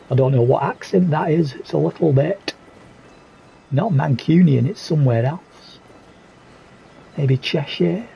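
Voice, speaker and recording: A man's voice: fairly high pitch, unhurried, creaky, long pauses, warm tone, a little hiss or hum, rough recording. A man live streaming a game, talking candidly and reflectively while reading chat messages aloud. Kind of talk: casual gaming stream commentary.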